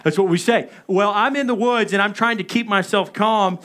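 A male pastor in his thirties delivers a sermon, launching into an animated personal story. His voice sits high and carries a bright, forward tone. He acts out his own frantic moments as he tells it. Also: moderate pace. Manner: animated storytelling, acting out his own panicked radio calls.

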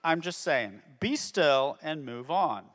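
Animated high-voiced man teaching kids. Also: slow pace. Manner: animated, checks in with "okay?" constantly. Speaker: children's ministry teacher. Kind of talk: Bible story lesson for kids. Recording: long reverb of a hall.

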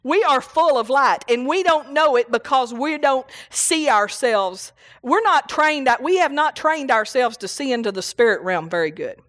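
Woman preacher, fairly high voice, rambling folksy sermon with lots of hallelujahs. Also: lively intonation, moderate pace, fairly bright tone. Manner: rambling, folksy, laughs often, many hallelujahs. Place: church service.

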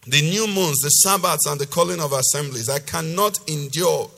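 A forceful male pastor with a creaky voice delivers a sermon, reading scripture loudly at normal speed before explaining it in a lower, conversational voice. The church hall gives a long reverb, with faint music behind him.

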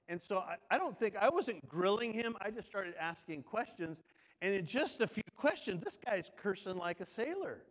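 Male pastor, middle-aged, chatty storytelling sermon; slightly higher voice with a hall echo. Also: a bit bright. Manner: conversational storytelling, asks the congregation questions. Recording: long hall reverb.

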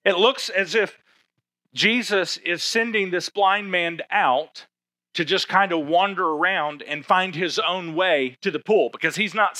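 A man preaching a sermon as pastor, slowing down to stress key words. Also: sits high, sharp tone, no echo. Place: church sanctuary.

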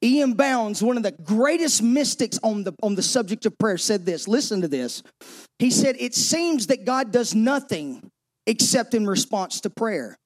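A man pastor preaching a sermon, emphatic, shifting between driving exhortation and hushed, intimate passages. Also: high voice, very animated, normal speed.

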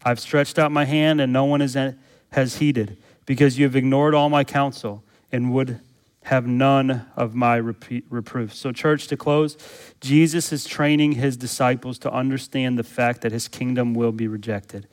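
A man's voice: medium pitch, fairly even intonation, moderate pace. A man, a pastor, preaching a sermon with emphatic rhetorical questions and repeated phrases for emphasis.

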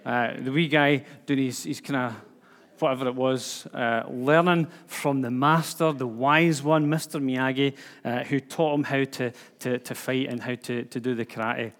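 A man's voice: medium pitch, fairly even intonation, normal speed, fairly bright tone. A man with a Scottish accent giving an informal sermon, chatty, with lots of fillers and restarts. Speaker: preacher. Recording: long hall reverb.

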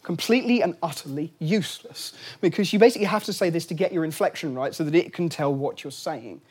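A fairly high-voiced, middle-aged man gives a relaxed lunchtime lecture. He talks in a loose, chatty way, full of ums, restarts and wry asides to the room. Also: fast, husky.

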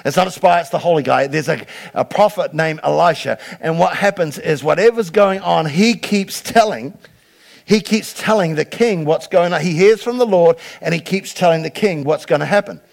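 Nz pastor guy, high gravelly voice, acts out the characters, lots of stammered restarts. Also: normal speed. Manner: animated storytelling, acting out characters' lines, stammering restarts. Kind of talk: sermon.

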